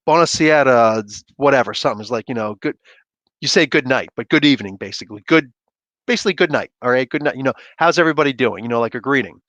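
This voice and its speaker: A man's voice: medium pitch, a bit bright, no echo. A man hosting a casual livestream chat, telling a story in a blunt, rambling, ranting way with lots of fillers. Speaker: host. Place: home livestream setup.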